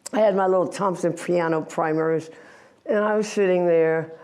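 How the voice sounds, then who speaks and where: A woman's voice: fairly low pitch, moderate pace. A woman in her eighties, an activist giving a candid, wry talk about her past to an audience. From United States. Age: 80s. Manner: candid, wry, animated storytelling with self-mocking laughs. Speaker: guest speaker, activist. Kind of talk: storytelling talk before an audience.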